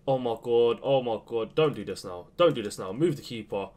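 A young man commentating his own football video game match, swinging between low muttering and sudden shouts. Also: a little fast, few pauses. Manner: excitable, swings from muttering to yelling. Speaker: gaming youtuber. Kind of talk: live gameplay commentary.

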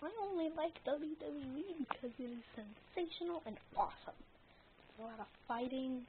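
A woman acting out a playful action figure wrestling skit, rambling and bantering back and forth with herself. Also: high-pitched. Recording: tinny phone-like recording with faint noise.

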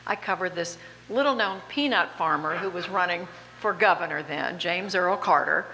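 Pitched fairly low and moving at a moderate pace, this seventy-something woman's slight Southern lilt carries her lively tales at her own expense. She's the honored guest being interviewed on stage and laughs frequently. Faint noise sits under the echo of a reverberant hall.

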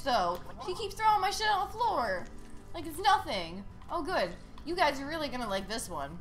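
A woman streaming a video game live, ranting sarcastically and swearing with loud frustrated outbursts. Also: high-pitched, sing-song, normal speed, soft background music. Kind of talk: live gameplay commentary.

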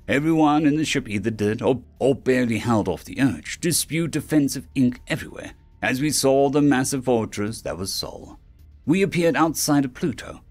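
A male narrator reads a science fiction tale in a polished, scripted way. His pitch rises and falls with a lively swing, and he slips into the characters' lines as they speak. A faint bed of music runs under his voice.

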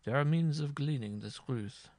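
A man voicing a stern judge who speaks with ominous, measured calm. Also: medium pitch, dry recording, pitched above the performer's own voice, close to an everyday voice.

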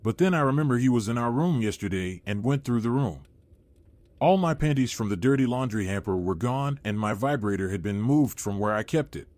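A man reading a first-person horror story aloud in a steady, low-key manner. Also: a little fast, dry recording. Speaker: narrator.

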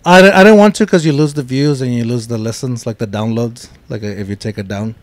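A man's voice: medium pitch, fast, no echo. A man hosting a podcast in a casual chat, laughing often and talking with many fillers and restarts. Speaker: podcast host.

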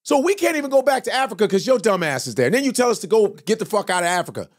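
Animated man telling a loud story. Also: very fast. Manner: loud, animated, profane, acts out quotes with big jumps in pitch. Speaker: comedian telling a story on a podcast.

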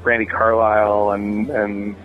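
A man's voice: lowish voice, monotone, measured pace. A man talking casually about his music as an interview guest, rambling with many fillers and restarts. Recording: tinny phone line.

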